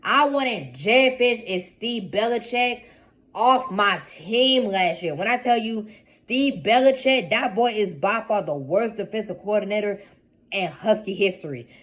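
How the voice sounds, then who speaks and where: A man's voice: high-pitched, lively intonation, a little slow, fairly bright tone, highs cut off. A young man giving an exasperated, repetitive fan rant about his team, heavy on slang. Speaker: sports fan commentator.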